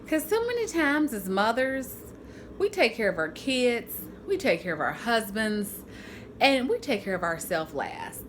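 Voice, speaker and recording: Casual woman vlogger, chatty, churchy turns of phrase, lively high voice. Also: a little slow, slight background noise. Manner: chatty, animated, laughs often. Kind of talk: casual vlog talk to camera.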